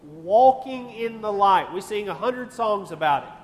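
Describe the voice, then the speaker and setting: Earnest high-voiced young man preaching. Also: lively intonation, unhurried. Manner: earnest, conversational preaching with repeated rhetorical questions. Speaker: youth pastor. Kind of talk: sermon. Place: church hall. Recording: long church-hall reverb.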